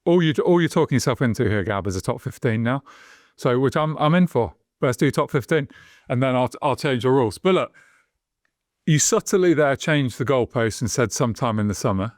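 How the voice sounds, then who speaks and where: A man's voice: medium pitch, animated, a little fast, no echo. A man co-hosting a podcast, answering in casual, dry and wry chat. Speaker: podcast co-host.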